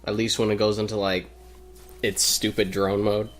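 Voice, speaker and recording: A man's voice: on the low side, flat delivery, normal speed, fairly bright tone. A young man co-commenting on a game, opinionated and explaining comic lore at length. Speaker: guest co-commentator. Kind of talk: casual gameplay commentary.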